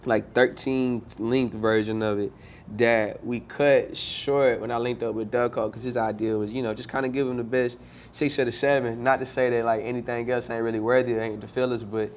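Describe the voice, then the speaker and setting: A man's voice: medium pitch, little pitch movement, normal speed, slight background noise. A man, a musician guest, telling stories in a loose, slangy way with lots of fillers. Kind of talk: casual interview chat.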